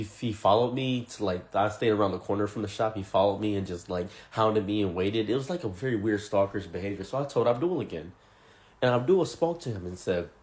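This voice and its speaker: A man's voice: lowish voice, a little mellow. A man narrating a first-person story in a blunt, indignant, conversational way.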